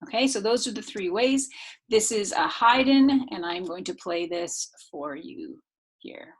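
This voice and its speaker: A woman teaching a music theory class in a recorded video lecture, her voice sitting at an ordinary middle pitch. She explains things in a relaxed, conversational way, with a few fillers, and now and then she sings out the rhythms. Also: a little slow, husky.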